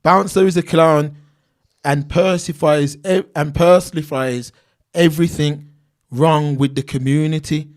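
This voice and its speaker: Stream host, man, slightly high voice, reads chat aloud in loose slang. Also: fairly even intonation, a little slow. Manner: reads out viewer names and comments, street slang. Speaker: livestream host reading chat. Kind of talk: casual livestream chat.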